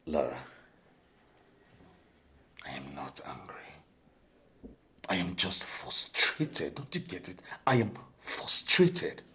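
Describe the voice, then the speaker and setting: An actor playing a frustrated male ex-convict who keeps his temper in check, gravelly and sinking to a whisper. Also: rumbling low, measured pace, pauses often, exaggerated voice. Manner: pained, pleading outbursts. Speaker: ex-convict mechanic.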